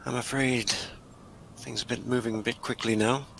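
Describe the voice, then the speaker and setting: Polite kinda hesitant doctor guy man plays him, bright gravelly voice. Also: medium pitch, steady tone, normal speed, slight background noise, rough recording.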